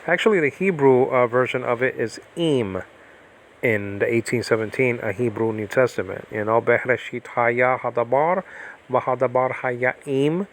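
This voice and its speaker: A man's voice: medium pitch, moderate pace, slight background noise. A man teaching biblical Greek in a rambling, chatty livestream lesson from his self-built house, digressing often and filling gaps with ums and restarts. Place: self-built cement-block house during a typhoon.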